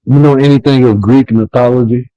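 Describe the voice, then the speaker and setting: A man's voice: mid-range voice, steady tone, fairly quick, no echo, muffled recording. A man who hosts his own podcast, talking bluntly in a casual panel chat with informal grammar.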